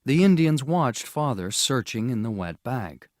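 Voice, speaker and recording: A man narrating a storybook audiobook in a slow, measured, clear reading style. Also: medium pitch, very animated, darkish tone, no echo, studio quality.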